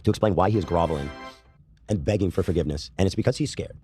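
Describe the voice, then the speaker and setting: Fast, brash male podcast host, sick and coughing, music under him. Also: low-pitched, dark tone, husky. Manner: brash, joking, profane. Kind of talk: casual podcast banter.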